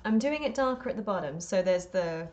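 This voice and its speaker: A woman's voice: mid-range voice, lively intonation, fairly quick, darkish tone. Woman painting live on stream, rambly, talks to herself a lot, self-deprecating, giggly. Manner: rambling, self-talking, laughs often, self-deprecating. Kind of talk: chatty live-stream commentary while painting.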